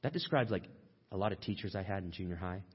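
A man preaching a sermon as pastor, in a conversational way, sometimes acting out quoted complaints in a higher voice. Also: fast, husky, muffled recording.

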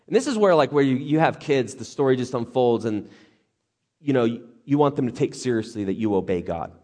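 A man preaching a sermon as lively storytelling, joking and acting out the characters. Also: mid-range voice, a little fast. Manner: animated, jokey, acts out characters.

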